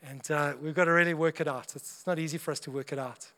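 A man with a notably high voice delivers a sermon to his congregation. He talks in a chatty, joking way and keeps acting out short exchanges between people. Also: fairly even intonation, fast, pushed and bright. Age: adult parent of young children. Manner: chatty and humorous, acts out little dialogues. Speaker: preacher.

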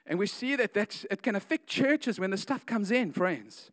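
A man's voice: high-pitched, big pitch swings, moderate pace, a bit bright. A man preaching a casual sermon, retelling a story with slangy asides like "man" and "guys".

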